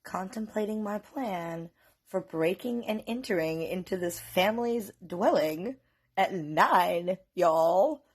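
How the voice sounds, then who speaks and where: A woman from North Carolina telling a story in a casual, profane, animated way, often laughing. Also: medium pitch, breathy edge. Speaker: vlogger.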